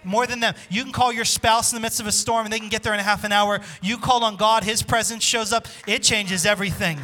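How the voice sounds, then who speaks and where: A man preaching a sermon as pastor, impassioned, dropping to a hush when quoting scripture. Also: high voice, fairly even intonation, fast.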